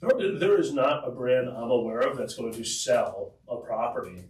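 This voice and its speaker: Man, podcast host, conversational, long questions, mid pitch, roomy sound. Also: normal speed, a little mellow, distant mic. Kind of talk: casual podcast interview.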